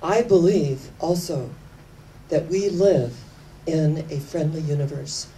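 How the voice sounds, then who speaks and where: A woman giving an inspirational sermon, telling stories with slow, emphatic phrasing that sometimes sinks to hushed tones. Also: sits low. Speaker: spiritual speaker. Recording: distant mic with faint background noise.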